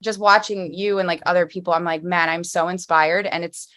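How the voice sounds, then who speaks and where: A woman's voice: lowish voice, steady tone, fairly quick, a bit bright. Rambling Philly woman hosting a podcast. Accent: Philadelphia. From Philadelphia area, USA. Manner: rambling, lots of "like" fillers. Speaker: podcast host. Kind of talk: casual interview chat.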